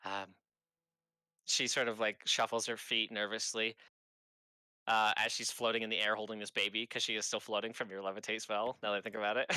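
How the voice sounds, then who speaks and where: A man's voice: lowish voice, flat delivery, normal speed, sharp tone, smooth, dry recording. A young man narrating a tabletop game as game master in a casual way, laughing often.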